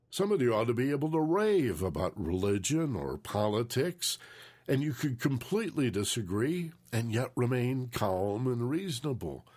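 A man co-hosts a mindfulness talk program in a calm, reflective tone. He takes his time, with unhurried phrasing, and stresses ideas by dwelling on single words. His voice sits in an ordinary middle pitch. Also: slightly rough. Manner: slow, thoughtful, leans on phrases for emphasis. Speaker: co-host.

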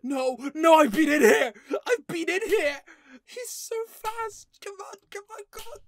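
A woman's voice: very high-pitched, expressive, unhurried, vocal fry, no echo. A young woman commentating her play of a horror game, panicking, laughing and swearing at it. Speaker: gaming YouTuber.

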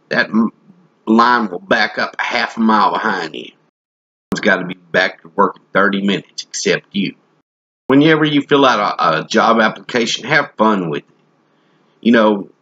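Male preacher doing a joking, rambling comic sermon; somewhat deep, breathy tone on a muffled recording. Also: a bit bright. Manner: folksy, joking, rambling delivery.

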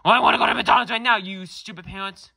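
A man voicing a bratty, demanding little boy in a fan cartoon, yelling in a shrill, whiny voice. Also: steady tone, fast talker, vocal fry, no echo, full character voice. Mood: screaming tantrum. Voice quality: shrill screaming child voice. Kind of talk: amateur fan animation voice-over.

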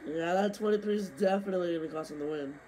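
Excitable young man gaming, high voice. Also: fast talker, a little hiss or hum. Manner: excitable, complaining, bursts of yelling. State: losing his voice. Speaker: gaming streamer. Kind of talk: live gameplay commentary.

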